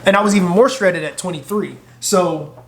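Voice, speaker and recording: A man casually telling a profane, animated story to his camera. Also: sits high, moderate pace, roomy sound. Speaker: vlogger.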